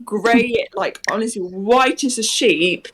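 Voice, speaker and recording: A woman's voice: medium pitch, slow pace, fairly bright tone. A woman adds to a friend's story in casual chat. She speaks emphatically and chattily.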